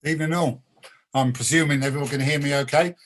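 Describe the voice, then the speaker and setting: A man's voice: fairly high pitch, fairly even intonation, quick pace. A man in his sixties, a punk poet chatting bluntly and chanting a sweary comic rap over a video call. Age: 60s. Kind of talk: ranting comic rap poem and chat.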